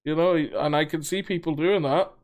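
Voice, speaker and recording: A man's voice: fairly high pitch, fairly even intonation, normal speed. A young man co-hosting a casual podcast. He rambles through his points with plenty of fillers and casual swearing. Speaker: podcast co-host. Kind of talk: casual chat.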